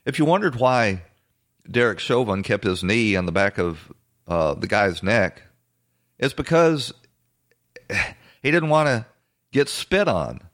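A man hosting a political commentary show, talking bluntly and assertively in a halting way with frequent fillers and restarts. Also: on the low side, sing-song, a bit bright. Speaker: host.

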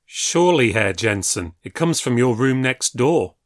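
A man's voice: medium pitch, lively intonation, measured pace, dry recording, studio quality, lightly acted. A man voicing a nervous, eager young traveller in a spoken ghost story.

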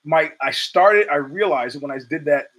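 A man with a husky, fairly bright voice hosts his own show at a normal speed, recorded at low quality. He runs a casual, meandering monologue packed with asides, restarts, and swearing, jumping into a raised voice to act out quotes.

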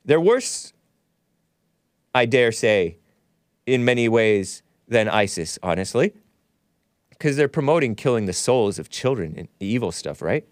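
A man's voice: mid-range voice, very animated, unhurried, pauses often, dry recording, studio quality. A man hosting his own podcast, delivering solo political commentary in a combative, sarcastic rant with frequent restarts and self-corrections. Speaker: podcast host.

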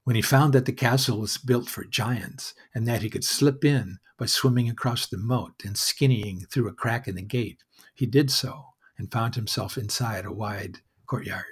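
A man narrating a fairy tale in a measured, wry storytelling manner. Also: medium pitch, slightly rough.

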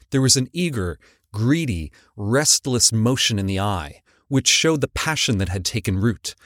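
A man narrating a classic story as an audiobook, in a lively, expressive storytelling manner. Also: medium pitch, no echo, studio quality.

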